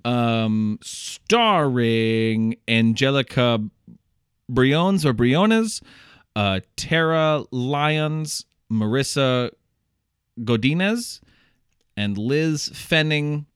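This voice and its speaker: A man's voice: medium pitch, animated, drawn-out words, clear, resonant tone, no echo, clean studio sound. A young adult man hosting a casual movie-review podcast, laughing often and swearing casually. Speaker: podcast host.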